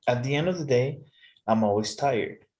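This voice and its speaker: A man teaching a casual one-on-one English lesson, patient and relaxed, often checking in with "okay". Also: medium pitch, moderate pace.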